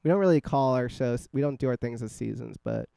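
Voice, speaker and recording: A man's voice: mid-range voice, brisk, gravelly, mellow, clear, resonant tone, dry recording. A man hosting a podcast in casual chat, joking and swearing easily as he reads out quiz questions. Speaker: podcast host. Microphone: scarf-wrapped microphone.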